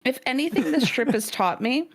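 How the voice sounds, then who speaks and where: A woman from the United States telling stories in a profane, animated, casual chat. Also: high-pitched, moderate pace, vocal fry, breathy edge. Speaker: host.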